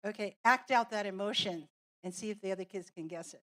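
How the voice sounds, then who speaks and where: Her voice medium-pitched and a bit bright, a woman leads a teacher training workshop in a classroom. She goes through an activity step by step, slow and deliberate, illustrating each point with examples.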